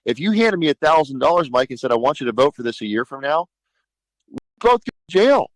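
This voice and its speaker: Fast-talking emphatic man on talk radio. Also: mid-range voice, no room sound, poor audio. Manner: emphatic, animated, acts out conversations. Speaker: state senator guest. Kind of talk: radio talk show discussion.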